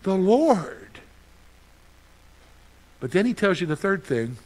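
A middle-aged man preaching a sermon as pastor, lively and conversational, asking his listeners questions and answering them himself. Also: high voice, slow pace. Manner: animated, asks the congregation questions and answers them; acts out his own panicked reactions for humor.

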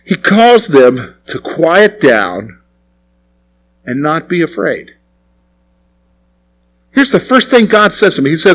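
Conversational high-voiced male pastor. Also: big pitch swings, slow pace, long pauses, a bit bright, poor audio. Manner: conversational, asks the congregation questions. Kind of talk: sermon.

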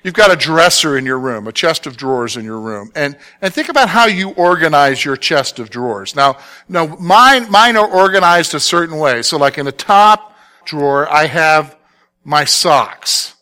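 A man's voice: fairly high pitch, bright, forceful tone. A male pastor preaching a conversational sermon, often stumbling over repeated words and checking that listeners follow him.

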